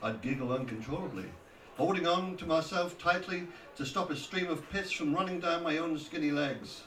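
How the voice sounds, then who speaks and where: A man narrates a memoir in a wry, mocking storyteller's manner. His voice sits a little high and bright. The recording is roomy, with the mic some way off. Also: normal speed, slight background noise. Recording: roomy echo, distant from mic.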